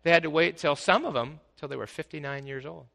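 A man preaching a sermon as pastor, swinging from quiet asides to loud, exclaiming passages. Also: fairly high pitch, fast talker, creaky, slight background noise.

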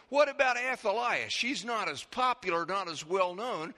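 A man preaching a sermon, reading scripture in a slow, measured way and then teaching the congregation with questions. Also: high voice, expressive, pushed and bright. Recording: long echo of a large hall.

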